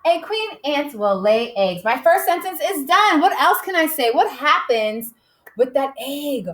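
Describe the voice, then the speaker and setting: A woman teaching young children to write, slowly sounding out words and spelling them letter by letter. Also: a little high, fairly bright tone. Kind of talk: modeled writing lesson for young children.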